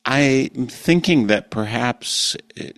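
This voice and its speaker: A man hosting a radio interview show, reading a scripted introduction and then asking measured, thoughtful questions. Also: mid-range voice, lively intonation, a bit bright, no echo.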